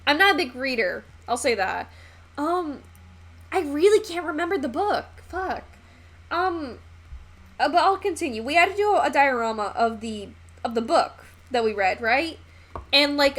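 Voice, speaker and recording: Painting on a live stream, a young woman talks casually in a somewhat high voice over faint background music. Her loose, chatty rambling is packed with fillers like "um" and "like," plus the odd swear word.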